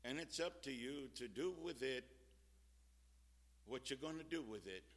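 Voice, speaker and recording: A man preaching a fervent sermon as a visiting preacher, swinging from shouts to quiet talk. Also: mid-range voice, animated, a little slow, in a large hall.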